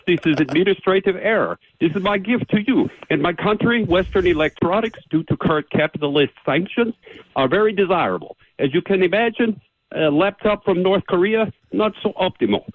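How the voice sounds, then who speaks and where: A man calling in over the phone, putting on a fake Russian accent as a sly male Russian hacker who talks in deadpan broken English. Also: high-pitched, normal speed, no room sound. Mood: mock-grateful. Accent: put-on Russian. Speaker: caller. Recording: tinny phone line.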